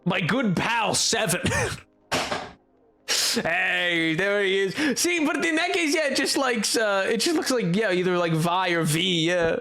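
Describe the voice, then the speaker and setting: A man's voice: high voice, unhurried, bright, forceful tone, a little hiss or hum. A man streaming a game, chatting casually with his viewers in a rambling, joking way. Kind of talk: casual livestream chat while gaming.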